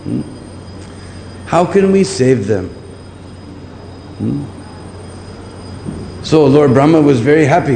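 A man's voice: medium pitch, sing-song, slow pace, vocal fry, pauses often, dark tone. A man giving a scriptural lecture, repeating his points and often checking with listeners by asking "hmm?". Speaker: preacher. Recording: long hall reverb, faint background noise.

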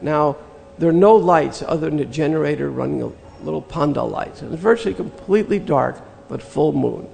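An older man telling a personal spiritual story in an earnest, reflective way, with slow pauses. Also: fairly high pitch, gravelly, darkish tone, big-room sound. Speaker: spiritual teacher recounting memories.

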